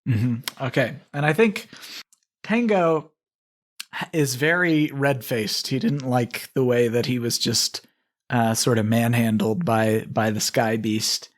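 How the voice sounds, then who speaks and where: Man, slow unhurried speech, mid pitch, easygoing, laughs often, casual tabletop storytelling. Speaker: tabletop role-play player.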